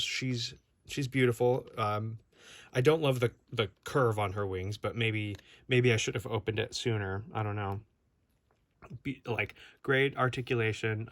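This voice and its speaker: A man's voice: medium pitch, fairly bright tone, no room sound. Rambling, chatty man unboxing toys. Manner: rambling, chatty, many restarts and asides. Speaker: toy collector vlogger. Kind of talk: casual unboxing review.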